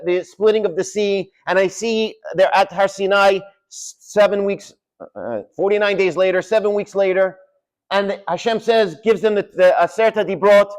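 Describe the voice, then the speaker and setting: A man delivering a sermon as a rabbi, telling stories with dramatic drops to a near hush. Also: high-pitched. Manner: animated storytelling with dramatic drops in volume. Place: synagogue study hall.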